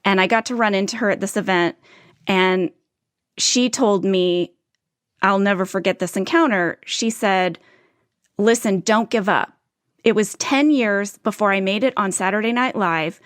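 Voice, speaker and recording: A woman from St. Louis shares stories as a podcast guest, earnest and anecdotal. Her voice is mid-pitched and recorded dry and close, with no room around it. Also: measured pace, no room sound. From St. Louis, USA. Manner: earnest, anecdotal, with small restarts. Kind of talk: candid conversational storytelling.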